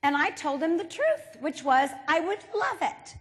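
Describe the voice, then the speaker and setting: Woman keynote speaker, high unhurried delivery, comic storytelling, echo of a big hall. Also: big pitch swings, slight background noise. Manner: playful storytelling, acts out quotes. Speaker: motivational speaker. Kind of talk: humorous keynote talk. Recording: reverberant hall.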